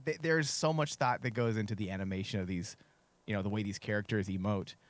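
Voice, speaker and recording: A man's voice: lowish voice, fast, dry recording. A man co-hosting a casual podcast discussion who talks frankly, gives strong opinions and makes crude jokes, and is losing his voice. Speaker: podcast co-host.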